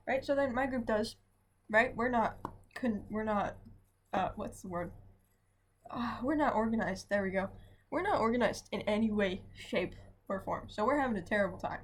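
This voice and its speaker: A young adult student, speaking a little high at a moderate pace, records a casual diary vlog from home. She rambles chattily and keeps asking "right?"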